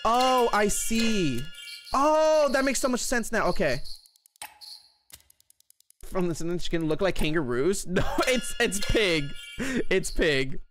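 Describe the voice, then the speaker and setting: A man streaming a horror game live, excitably chatting with his viewers as he plays. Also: high-pitched, a little slow, pauses often, soft background music. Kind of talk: live gameplay commentary.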